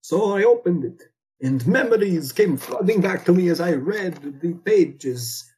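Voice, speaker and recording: A man's voice: sits high, lively intonation, unhurried, a little mellow, slight background noise, poor audio. A man putting on a pompous, melodramatic vampire count for a comedy podcast, speaking over a remote computer call. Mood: grandiose. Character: theatrical male vampire count, grandiose and bossy. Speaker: guest. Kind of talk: comedic podcast role-play.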